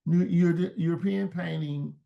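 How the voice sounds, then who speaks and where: A man's voice: on the high side, fairly even intonation, normal speed, vocal fry, muffled recording. A man talking as an interview guest in a reflective, searching way, often restarting words mid-thought. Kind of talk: casual interview talk.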